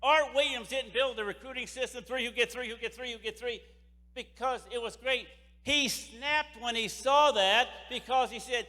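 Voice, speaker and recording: An extremely high-pitched, sharp-toned man speaks at a moderate pace as the keynote speaker at a sales convention. His motivational speech is impassioned, driving points home through repetition, with echoey hall reverb around it.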